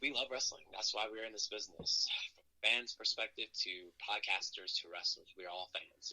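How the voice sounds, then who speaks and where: A lowish, very bright and forceful male voice, talking loosely as a guest on a podcast. He tells his stories with lively acted-out quotes and frequent laughter at himself. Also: moderate pace, poor audio. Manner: animated, acts out quotes with jumps in pitch; self-deprecating, laughs often. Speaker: professional wrestler guest. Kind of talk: casual storytelling interview.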